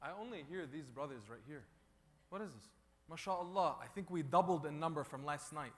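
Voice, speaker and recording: A man preaches to a gathering and leads them in call-and-response, his voice pushing up into loud calls. His voice sits high and bright. Long reverb from a large hall trails behind him. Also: animated, fairly quick. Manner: leads the crowd in repeated chants, rising to loud calls. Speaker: speaker at a religious gathering.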